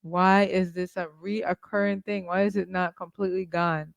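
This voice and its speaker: A man's voice: high voice, flat delivery, moderate pace, creaky, dry recording, clean studio sound. A man co-hosting a podcast, chatting casually about faith and agreeing often with lots of "like" fillers. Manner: agreeable, lots of "like" and soft "mm" backchannels. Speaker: podcast co-host.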